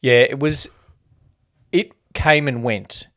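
A man's voice: medium pitch, slow pace, fairly bright tone. A man co-hosting a casual film review podcast, talking in a chatty way. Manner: chatty, quotes people in mock voices. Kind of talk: casual chat.

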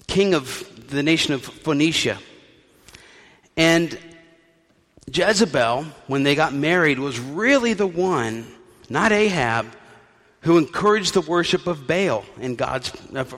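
A male pastor delivers a sermon as a conversational story, dropping wry asides along the way. His voice sits slightly high for a man, and it carries through a sanctuary with a long, lingering reverb. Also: a bit bright.

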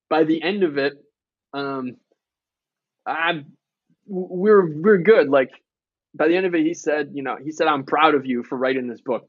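A man's voice: a little high, no echo, muffled recording. A man in his thirties, an author and podcast guest, telling candid stories in a casual conversation, with frequent profanity and quoted dialogue.

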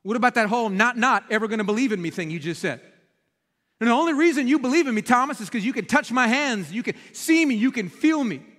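A preacher acting out a sarcastic Jesus who chides a doubter in a mocking, rapid voice. The voice is high for a man and carries the long ring of a church hall. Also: expressive, a bit bright. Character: exasperated adult male Jesus, sarcastic rebuke.

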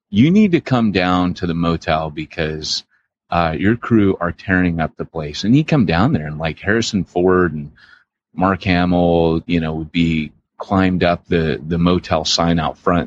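A man's voice: low-pitched, husky, no echo, lo-fi sound. A man co-hosting a podcast, telling long rambling stories in casual chat with many restarts. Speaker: podcast co-host.

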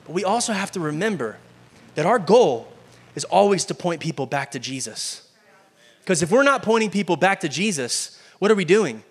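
A pastor preaches a sermon in a lively, conversational way, frequently putting questions to the congregation. His husky voice sits high, at normal speed.

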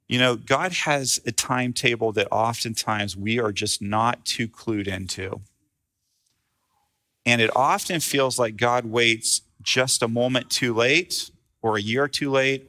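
A man's voice: lowish voice, measured pace, bright, forceful tone. A male pastor preaching a sermon in a conversational, storytelling way.

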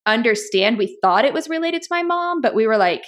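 Chatty woman telling a personal story. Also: on the high side. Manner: animated storyteller, quick asides with "like". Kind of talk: casual storytelling chat.

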